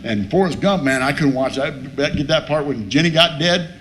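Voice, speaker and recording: A man's voice: on the high side, expressive, moderate pace, a bit bright. A man speaking at a recovery meeting, telling a funny personal story with plenty of cussing and acted-out moments. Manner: salty, swearing storyteller who acts out his past self. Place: meeting room.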